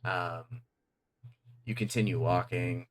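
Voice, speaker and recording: A man's voice: low voice, slow. A man narrating a tabletop game as game master, rambling with many fillers.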